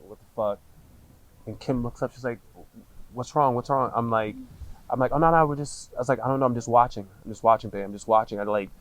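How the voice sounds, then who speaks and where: A man in his thirties, a podcast guest, telling a personal story candidly, in casual slang with frequent swearing and halting restarts. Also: lowish voice, low-quality recording.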